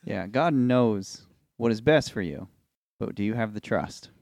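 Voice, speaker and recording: A man's voice: on the low side, animated, a little slow, creaky, a little mellow, no echo, clean studio sound. A man co-hosting a casual Christian podcast, offering short reflective remarks. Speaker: podcast co-host.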